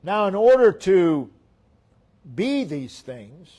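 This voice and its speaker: A man preaching a sermon in a high voice, drawing each phrase out slowly. He builds his lines in repeated rhythmic steps, rising loud on the key words and then falling to a near hush. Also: sing-song. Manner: preaching with swelling emphasis then dropping to near-hushed lines. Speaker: pastor.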